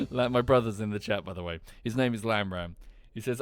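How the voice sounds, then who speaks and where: A young Englishman with a well-spoken southern accent streams a game, chatting casually, thinking aloud, and thanking viewers in live commentary. His voice is lowish and fairly quick, with soft background music and no room sound.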